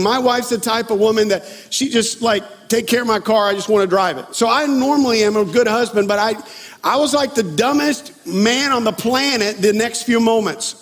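A man's voice: very high voice, normal speed, fairly bright tone, slightly rough. A middle-aged man preaching a sermon, telling a self-deprecating story in a conversational, storytelling way. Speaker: pastor. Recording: long reverb of a large hall.

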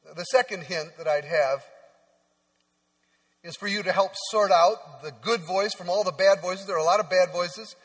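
High-voiced man preaching in a reverberant hall. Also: moderate pace. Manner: conversational storytelling preaching, drops to soft hushed tones. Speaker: pastor. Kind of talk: sermon. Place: church sanctuary. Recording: long church-hall reverb.

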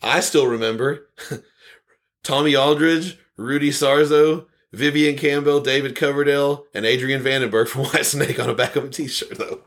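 A man's voice: medium pitch, steady tone, normal speed. A man hosting a podcast, reading listener comments aloud in a casual, rambling way and chuckling often. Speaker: podcast host.

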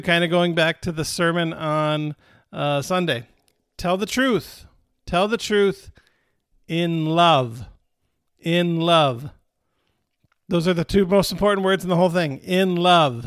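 Guy preaching a laid-back sermon, high voice, dry sound, says things twice, keeps asking right?. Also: dry recording. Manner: repeats key phrases for emphasis; checks in with the listeners, asking "right?". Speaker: pastor. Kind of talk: conversational sermon.

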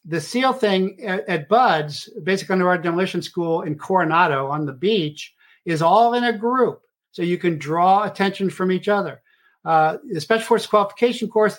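A man's voice: high voice, a bit bright. A middle-aged man hosting his own show, talking in a rambling monologue full of filler "uh"s. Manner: rambling with many filler uhs. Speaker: show host. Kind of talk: casual monologue.

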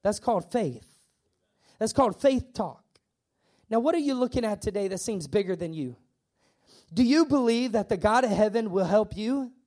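A man's voice: high-pitched, lively intonation, normal speed, pauses often, a little mellow. A man pastor preaching a sermon, emphatic and repetitive, with stammering acted asides.

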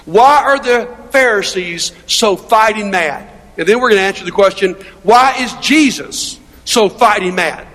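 A man's voice: sits high, lively intonation, measured pace, a bit bright. A male pastor preaching a sermon in an emphatic, conversational way, asking his listeners rhetorical questions. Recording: long reverb of a large hall.

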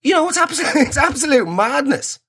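Nasal sweary Dublin comedian. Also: male voice, very high voice, moderate pace. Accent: Dublin Irish. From Ireland. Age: 20s. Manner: sweary, animated storytelling. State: sick. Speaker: comedian podcaster. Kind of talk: comic monologue.

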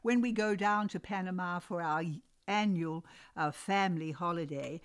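A woman hosting a casual chat, gently prompting her guest. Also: lowish voice, clear, resonant tone, no room sound, clean studio sound. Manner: slow, gently prompting interviewer. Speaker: host.

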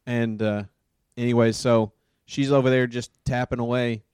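A man casually telling a long work story, rambling with fillers and getting animated as he acts out what people said. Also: mid-range voice, normal speed, smooth, dry recording, studio quality.

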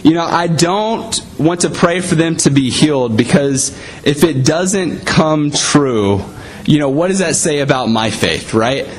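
A man's voice: a little high, lively intonation, measured pace, slight background noise, low-quality recording. A man preaching a sermon in a conversational way, often saying "you know".

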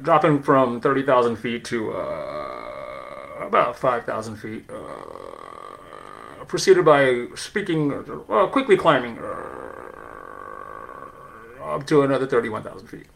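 A man putting on the voice of an airline pilot making a cabin announcement, full of drawn-out pauses and uhs. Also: mid-range voice, huge pitch swings, vocal fry, fairly bright tone, slight background noise, exaggerated voice. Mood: deadpan announcing.

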